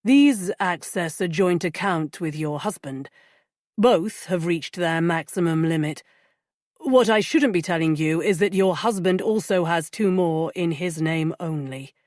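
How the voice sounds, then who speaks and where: A woman voicing a composed male bank manager who speaks calmly and matter-of-factly in an audiobook. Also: on the low side, unhurried, dry recording, studio quality. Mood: curt. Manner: calm, clipped, matter-of-fact.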